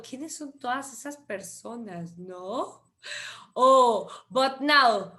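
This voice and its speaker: A woman's voice: high-pitched, takes it slowly. A woman teaching an English grammar lesson over a video call, mixing in Spanish explanations and often checking in with her learners. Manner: lively, repeats key words, asks rhetorical checks.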